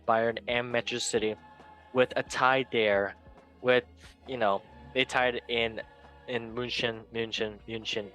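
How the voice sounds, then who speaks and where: A man's voice: medium pitch, a bit bright. A man hosting a casual football chat show, talking in a playful, joking way. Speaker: host.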